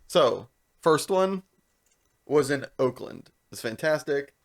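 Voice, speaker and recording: A young man co-hosting a podcast, telling a long story in casual chat, animated and laughing as he goes. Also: mid-range voice, takes it slowly, creaky. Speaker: podcast co-host.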